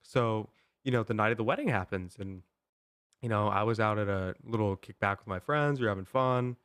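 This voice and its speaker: A young man with a low voice tells a story on a podcast, rambling, with "like" and "um" in nearly every sentence. The sound is close and dry, with no room sound. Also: a little fast, fairly bright tone, smooth, dry recording. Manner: rambling, full of "like" and "um" fillers. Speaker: podcast host. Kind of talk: casual storytelling.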